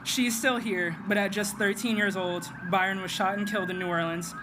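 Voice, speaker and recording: Młoda studentka czytająca oświadczenie na wiecu. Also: female voice, mid-range voice, normal speed. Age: young adult. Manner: steady, read-out delivery. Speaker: student activist. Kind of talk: prepared rally statement. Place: outdoors at a rally. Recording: outdoor street noise.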